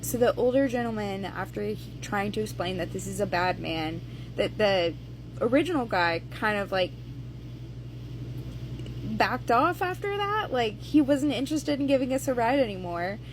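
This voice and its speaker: A woman's voice: medium pitch, sing-song, moderate pace, background noise. A woman casually telling a personal travel story, hesitating at times and acting out the quoted lines. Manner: conversational retelling, with hesitations and acted-out quotes.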